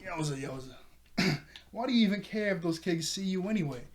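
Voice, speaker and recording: A man's voice: high voice, animated, a little fast. A man casually recapping a cartoon episode, laughing often and acting out the characters' lines. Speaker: episode reviewer. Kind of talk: casual recap with quoted voices.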